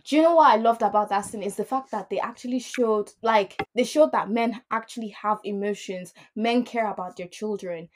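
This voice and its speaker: A woman's voice: medium pitch, normal speed, few pauses. A woman co-hosting a casual podcast chat, speaking playfully and emphatically. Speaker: podcast co-host. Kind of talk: casual chat reviewing a drama.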